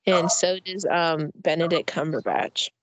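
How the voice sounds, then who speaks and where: A woman's voice: sits low, expressive, measured pace, slight background noise, rough recording. A woman co-hosting a casual podcast, chatting in a rambling way with many fillers. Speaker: podcast co-host.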